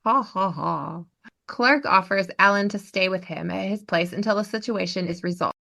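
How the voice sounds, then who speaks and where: A woman hosting a podcast, recapping a TV episode as an animated storyteller. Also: mid-range voice, a little fast, gravelly. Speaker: podcast host.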